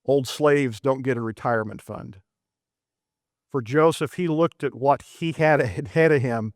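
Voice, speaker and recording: A man's voice: mid-range voice, dry recording, clean studio sound. A man preaching a sermon in a church, retelling a biblical story in a folksy, emphatic way.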